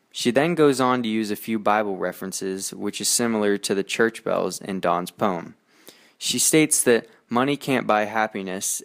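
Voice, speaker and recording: A teenage boy reading his school poetry analysis aloud in a steady, earnest way, with small slips. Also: lowish voice. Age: teens. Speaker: student presenter.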